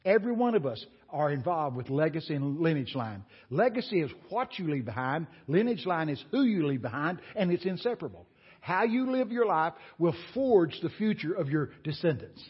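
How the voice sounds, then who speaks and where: Here a man with a high-sitting, breathy voice delivers a sermon as a visiting preacher, spinning folksy, exclamatory stories for the congregation. The church sanctuary leaves a long reverb tail, and the lo-fi recording sounds dull.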